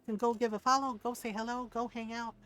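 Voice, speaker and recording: A woman's voice: fairly high pitch, fast talker. A woman streamer chatting casually with her live viewers, telling stories animatedly and often asking "right?". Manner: animated storyteller, tags sentences with "right?"; warm greetings to viewers by name. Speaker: variety streamer.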